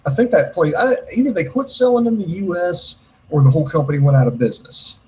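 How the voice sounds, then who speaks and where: An American man co-hosting a casual show, telling a story in an animated way, swearing a lot and acting out the quotes. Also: fairly high pitch, fast talker, rough recording. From United States. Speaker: podcast co-host.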